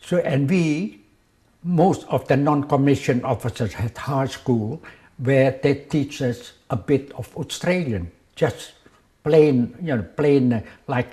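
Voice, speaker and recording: A man's voice: medium pitch, takes it slowly, mellow. An older man remembering in an interview, speaking simple English with non-native phrasing and often repeating words as he searches for them. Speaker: war veteran interviewee. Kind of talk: reminiscing in an interview.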